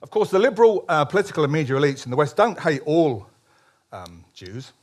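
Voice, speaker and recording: A man's voice: fairly high pitch, sing-song, fairly quick. Emphatic man giving a speech. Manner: emphatic, with frequent restarts and ironic asides. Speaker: columnist giving a public talk. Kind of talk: public speech at a political meeting. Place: public meeting hall.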